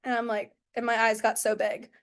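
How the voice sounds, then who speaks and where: Young woman coach, kinda high voice, chatty and talky, keeps saying like. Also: flat delivery, a little fast, a bit bright. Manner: chatty, lots of "like" and "oh my goodness". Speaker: softball pitching coach. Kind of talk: casual coaching talk with storytelling.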